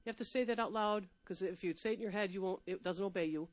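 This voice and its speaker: A woman preaches with lively emphasis, her voice sitting at an ordinary middle pitch for a woman. She laughs often and swings between loud declarations and soft, intimate asides. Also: fast talker, no room sound. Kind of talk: sermon.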